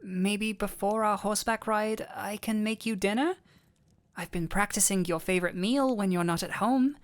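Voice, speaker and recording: A woman's voice: medium pitch, normal speed, natural voice. A woman voicing a sweet, clumsy male dullahan boyfriend in an audio role-play, tender and giddy with affection. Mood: affectionate. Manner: tender, giddy and affectionate, playful self-teasing. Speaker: voice actor.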